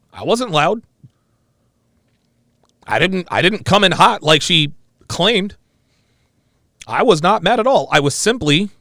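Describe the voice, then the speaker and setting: A man hosting a commentary show, replaying a call and mocking it with emphatic, animated delivery. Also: sits high, dry recording, clean studio sound. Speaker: host. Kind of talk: commentary on a played call-in clip.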